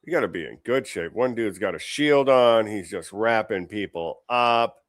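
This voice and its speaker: A man with a lowish voice rambles through casual reaction commentary, peppering his talk with fillers and profanity. He laughs easily. The sound is close and dry, with little room around it. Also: expressive, moderate pace, dry recording. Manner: rambling, profane, full of "you know" fillers; amused, laughs often. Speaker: host.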